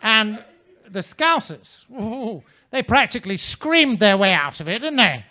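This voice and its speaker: A male stand-up comedian with a high, bright voice, performing on a comedy club stage. His delivery is mannered and theatrical with a droll edge, and it is spoken into a handheld stage mic. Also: big pitch swings, a little slow.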